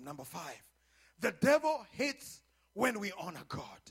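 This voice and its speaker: High husky guy preaching, gravelly, shouts and half-sings the big lines. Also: very animated, normal speed. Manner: preaching with rising shouts and sung phrases. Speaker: pastor. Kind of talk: sermon.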